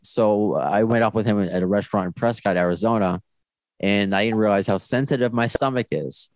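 Low-voiced man rambling on a podcast. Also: fairly quick, dry recording. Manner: rambling, self-correcting, animated storyteller. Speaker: podcast host. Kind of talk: casual fan chat.

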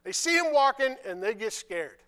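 A man preaching a sermon, reading scripture and retelling it in casual, conversational dialogue, with quiet asides in between. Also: very high-pitched, normal speed, clear, resonant tone. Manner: animated, drops to quiet asides.

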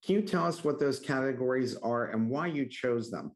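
Man hosting an interview, mid-pitched. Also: expressive, normal speed. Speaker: interview host. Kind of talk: conversational interview.

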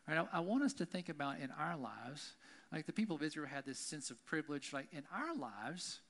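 A man's voice: a little high, fairly bright tone. Conversational male pastor preaching. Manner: conversational, keeps asking "right?". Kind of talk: sermon.

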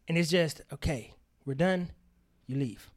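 A podcast co-host with a voice on the high side speaks at a measured pace in candid, casual chat. His storytelling is animated and emphatic, and he swears frequently.

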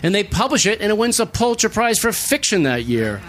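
Man, high-pitched, excitable panelist with salty language, faint background hiss. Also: brisk. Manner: animated, profane, storytelling. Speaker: author on a panel. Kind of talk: panel discussion.

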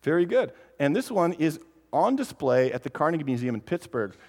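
A man giving a playful, animated conference talk to families, often speaking straight to the children. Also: on the high side, a little fast. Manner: animated, playful, addresses kids directly. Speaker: creationist speaker. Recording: long hall reverb.

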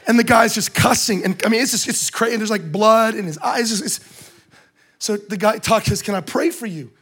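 High-voiced man telling a funny sermon story. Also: a little fast. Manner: lively, joking, conversational asides. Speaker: speaker at a church service. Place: in front of a live audience in a room.

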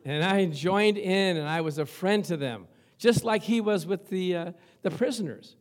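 Here an older man serves as pastor, delivering a sermon full of humorous, conversational stories for his congregation. His voice is high-pitched and his pace is normal.

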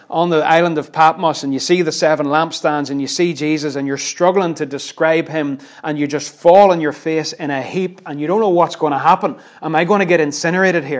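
Earnest preacher man, slightly high voice. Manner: earnest, with rhetorical questions and repetitions. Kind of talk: sermon.

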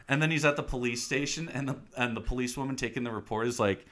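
A man in casual chat, retelling a film with quick acted-out voices and frequent laughs. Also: medium pitch, fairly bright tone. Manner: acts out scenes in quick voices, laughs often. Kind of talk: casual movie recap chat.

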